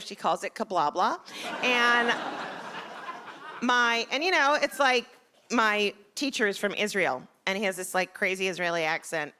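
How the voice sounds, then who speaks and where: A middle-aged woman doing a live stand-up set, chatty and confessional, full of fillers and quick shifts of voice. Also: mid-range voice. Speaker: stand-up comedian. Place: comedy club stage. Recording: live stage mic with loud crowd. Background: audience laughter.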